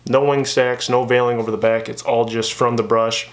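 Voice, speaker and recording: A man's voice: medium pitch, moderate pace. Easygoing man explaining fly tying. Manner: relaxed, chatty, many fillers and restarts. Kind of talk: casual tutorial narration.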